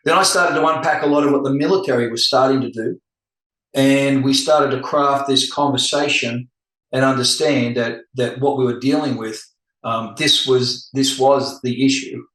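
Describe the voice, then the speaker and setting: A middle-aged man talking candidly as a podcast guest, animated and acting out the voices he quotes. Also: medium pitch. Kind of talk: casual podcast conversation. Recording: echoey room.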